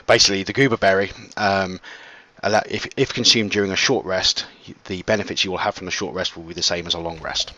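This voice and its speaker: Deep-voiced man running a tabletop game. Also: steady tone, quick pace, pushed and bright. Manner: rambling, lots of ums and restarts. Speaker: dungeon master. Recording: muffled lo-fi mic.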